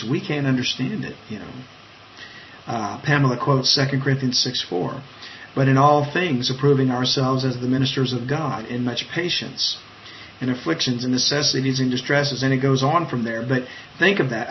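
A man preaching informally to an online group, reading viewers' comments and talking in a halting, conversational way. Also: mid-range voice, muffled recording, a little hiss or hum. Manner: conversational, halting, with many fillers and restarts. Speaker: preacher leading an online Bible study. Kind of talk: informal live-streamed Bible teaching.

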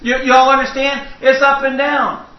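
High-voiced preacher in an echoey church. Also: male voice, flat delivery, normal speed. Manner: folksy storytelling with audience asides. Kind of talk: sermon. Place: church sanctuary. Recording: roomy, distant, muffled church recording.

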